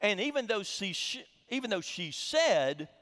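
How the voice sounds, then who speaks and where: A man's voice: high-pitched, very animated, measured pace, fairly bright tone. A middle-aged man preaching a sermon as a pastor, telling a humorous story with frequent restarts, in a reverberant sanctuary. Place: church sanctuary.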